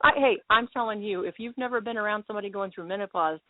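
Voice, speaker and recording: A woman's voice: medium pitch, quick pace, dry recording. A woman hosting a paranormal talk show, telling stories in a chatty, emphatic way over a phone line. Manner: chatty storyteller, emphatic, laughs easily. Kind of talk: casual talk show chat. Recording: tinny phone-line sound, dry.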